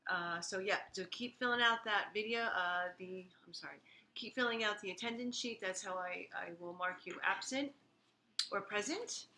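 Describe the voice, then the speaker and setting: A woman teacher gives casual, chatty announcements to her online class, with plenty of fillers. Her voice is bright, at a middle pitch, with faint room ambience behind her. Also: normal speed, slight background noise.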